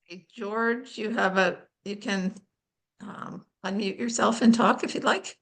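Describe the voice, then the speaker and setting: A woman's voice: mid-range voice, unhurried. A woman moderating a webinar, giving brief, hesitant prompts to a caller. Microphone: webinar computer mic.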